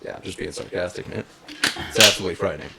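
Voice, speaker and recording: A young man, a comedian guest, telling stories in casual chat, animated and swearing often with lots of "dude". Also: deep voice, very fast, vocal fry, very noisy. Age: young adult. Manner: profane, animated retelling with frequent "dude". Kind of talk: casual storytelling.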